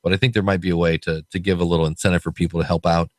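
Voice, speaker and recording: A man's voice: sits low, level tone, rapid-fire, darkish tone, no echo. A man hosting a podcast, chatting casually and telling stories with quoted voices. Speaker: podcast host.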